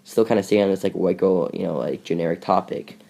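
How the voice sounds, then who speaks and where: A young man co-hosts a casual podcast recorded in a bedroom, talking fairly quickly in a low, creaky, dark-toned voice. He rambles and jokes through the chat, leaning heavily on fillers.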